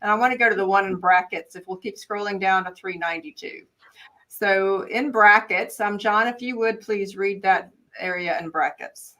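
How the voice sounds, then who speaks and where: A woman hosting a live online study course. She reads passages aloud and comments on them with enthusiasm, slowing right down to stress the key lines. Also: mid-range voice, bright, forceful tone, poor audio. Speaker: course host leading a study session.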